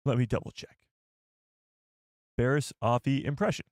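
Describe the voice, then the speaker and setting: A young man hosts a casual livestream, reading viewer comments out loud and laughing at himself. His mid-range voice moves at a normal speed, captured in a dry, clean studio recording.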